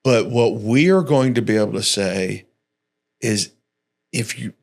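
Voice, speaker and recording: A man's voice: fairly low pitch, a little slow, vocal fry, a little mellow. A male pastor chatting casually on a church podcast, folksy and joking. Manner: laid-back, folksy, jokey storytelling.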